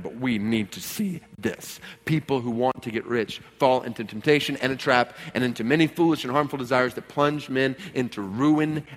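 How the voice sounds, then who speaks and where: A man preaching as a pastor, swinging from hushed, earnest passages to loud, ringing exhortation and repeating key words for emphasis. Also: medium pitch. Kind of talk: sermon. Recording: long hall reverb.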